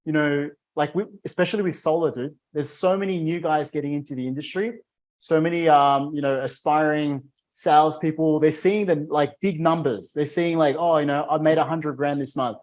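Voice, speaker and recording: A man's voice: fairly high pitch, fairly even intonation, normal speed, a little mellow. A laid-back male host with a slightly raised voice chats casually through an interview. He asks his questions loosely and peppers them with dude and man. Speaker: podcast host.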